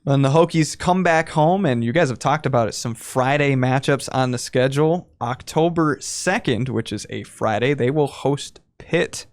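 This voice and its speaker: Male podcast moderator, brisk scripted rundown, mid-range voice. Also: mid-range voice. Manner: brisk, steering the discussion. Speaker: podcast host walking through the schedule.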